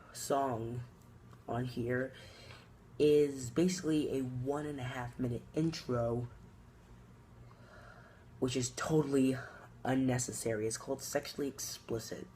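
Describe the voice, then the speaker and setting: A man giving a short, unimpressed song opinion in casual chat, with halting phrasing. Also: mid-range voice, a little mellow, slight background noise. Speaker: album reviewer.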